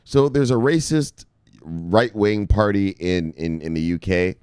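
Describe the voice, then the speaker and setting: A man hosting a crypto news vlog in loud, profane, boisterous casual commentary, laughing often. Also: deep voice, a little slow, clear, resonant tone, no echo, studio quality.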